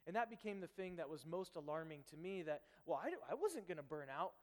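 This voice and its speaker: A man preaching a conversational sermon, telling stories with animated acted-out dialogue. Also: a little high, brisk, long reverb tail. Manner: animated storytelling, acts out dialogue. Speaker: pastor.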